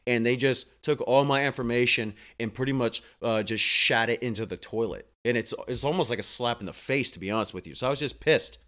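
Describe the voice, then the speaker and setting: A man working as a home health nurse, telling stories from his job in a candid monologue. He is earnest and emotional, swears casually, and speeds up when excited. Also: medium pitch, a little fast, few pauses.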